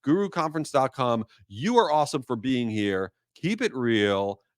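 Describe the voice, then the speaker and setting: Guy hosting a solo podcast, super animated, voice bouncing all over, dry mic. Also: moderate pace, no room sound. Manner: animated storytelling, high-pitched mock quotes; reads sponsor ad with hype. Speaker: podcast host. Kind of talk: casual solo podcast talk.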